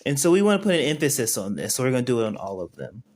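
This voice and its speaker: A man's voice: medium pitch, very animated, rapid-fire, a little mellow. A man giving a casual live-stream tutorial, talking viewers through each step and often checking that they follow along. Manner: conversational, keeps checking in with viewers. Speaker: spiritual teacher.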